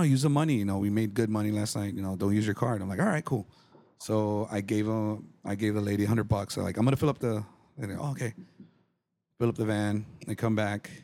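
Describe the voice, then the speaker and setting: A man on a podcast telling casual stories, animated, swearing freely and acting out the people he quotes. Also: lowish voice, a little fast, no room sound. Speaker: podcast guest. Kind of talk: casual storytelling chat.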